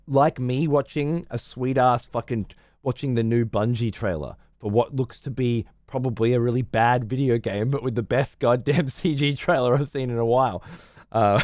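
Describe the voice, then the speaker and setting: A man's voice: medium pitch, darkish tone, no echo, clean studio sound. An Australian man streaming live, ranting in a rambling, profane and sarcastic way. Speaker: livestreamer. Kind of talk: casual livestream rant.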